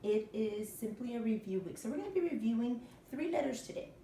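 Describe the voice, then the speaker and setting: Woman teacher, patient, spells letters out for little ones; mellow tone, faint room ambience behind. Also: a little high, expressive, a little fast, a little hiss or hum. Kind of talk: recorded classroom lesson for young children. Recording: echoey room, mic at a distance.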